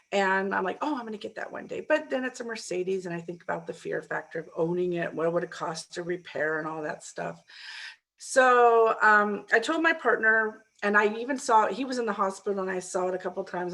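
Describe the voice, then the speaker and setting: A middle-aged woman, a mindset coach, telling a story in a casual interview and acting out the people she quotes. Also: mid-range voice. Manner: animated, acts out quoted voices with laughter.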